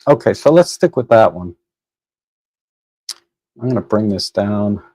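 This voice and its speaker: A man talks his way through a photo edit on a live stream in a mellow, darker tone. He is casual and unhurried, and he thinks aloud with fillers and restarts. The desk microphone sounds close and dry. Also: on the low side, lively intonation, no room sound. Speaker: photo editing livestream host.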